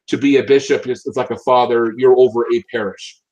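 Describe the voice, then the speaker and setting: A man's voice: mid-range voice, fairly even intonation, brisk, darkish tone, muffled recording. A man giving opinionated casual commentary, emphatic and often repeating and restarting his words. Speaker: political commentator.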